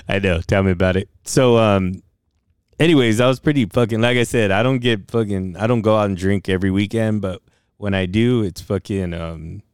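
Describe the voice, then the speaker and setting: A man's voice: lowish voice, moderate pace, smooth, no room sound, studio quality. A young man co-hosting a casual podcast, swearing constantly and rambling through a story with lots of laughs. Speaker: podcast co-host. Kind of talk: casual chat.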